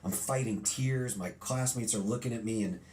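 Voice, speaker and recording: A middle-aged man being interviewed, telling a childhood story in a lively storytelling way and acting out remembered lines. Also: fairly low pitch, moderate pace, a little hiss or hum. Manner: animated storyteller, acts out quotes. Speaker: guest.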